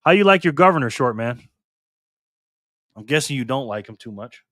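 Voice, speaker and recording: A man's voice: mid-range voice, expressive, moderate pace, a bit bright, no room sound, studio quality. A man from Rochester, New York, hosting a live stream and chatting casually with viewers, greeting them by name as he reads their comments aloud. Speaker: livestream host.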